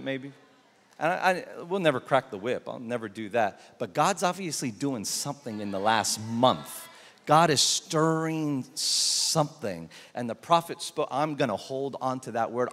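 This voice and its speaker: Animated pastor in a big echoing hall. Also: male voice, medium pitch, slight background noise. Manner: animated storytelling, emphatic repetition. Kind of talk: sermon. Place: large church auditorium. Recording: long reverb of a large church hall.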